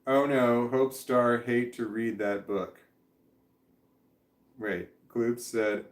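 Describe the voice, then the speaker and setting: A man casually reading viewer comments aloud on a stream at home, halting, repeating words and stumbling over names as he goes. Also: on the low side, fairly even intonation, echoey room. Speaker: vlogger reading chat comments. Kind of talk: casual livestream chat. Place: indoors at home with his dog. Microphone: webcam.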